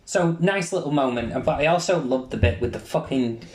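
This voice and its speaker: A man co-hosting a casual podcast chat. He talks in an animated way, swears freely and acts out lines from films. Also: medium pitch, brisk. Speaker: podcast co-host. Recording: echoey room.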